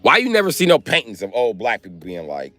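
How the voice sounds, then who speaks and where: A man's voice: medium pitch, fast talker, faint music behind. A man hosting a livestream, telling rambling, profane comedic stories. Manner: profane, rambling, lively storytelling. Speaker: livestream host.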